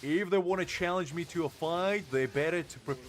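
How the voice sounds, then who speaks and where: A man's voice: a little high, brisk, slight background noise. A young man live-streaming a game, chatting casually, laughing often and answering his chat.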